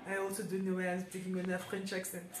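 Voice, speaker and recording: A woman's voice: lowish voice, monotone, fast, reverberant, a little hiss or hum. A young woman, chatting casually about books in a vlog, with playful self-mocking asides. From Kenya. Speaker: booktuber. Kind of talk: casual book haul vlog. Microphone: camera held by someone else.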